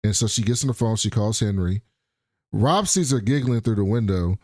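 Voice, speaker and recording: A man's voice: lowish voice, moderate pace, darkish tone, no echo, clean studio sound. A young man co-hosting a casual recap chat, telling the story with energy and acting out the characters' lines. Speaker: podcast co-host.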